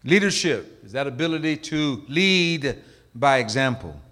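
A middle-aged male pastor preaching a sermon, emphatic, swinging from loud calls to hushed asides. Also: mid-range voice, sing-song, a little slow.

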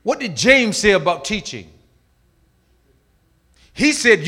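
A middle-aged male pastor preaching a sermon, emphatic, swinging from loud calls to hushed asides. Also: high voice, sing-song, takes it slowly, slightly rough.

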